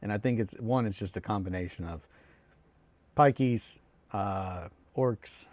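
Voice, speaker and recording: A man's voice: fairly low pitch, a little slow, darkish tone, no room sound. A man chatting casually while building models on a hobby stream, rambling, swearing freely and cutting himself off mid-sentence. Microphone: close desk mic.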